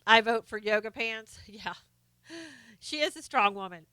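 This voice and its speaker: A woman hosting a casual live stream, reading viewer comments aloud in a chatty, halting way full of fillers and restarts; she is losing her voice. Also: mid-range voice, animated, bright, forceful tone, clean tone, no room sound.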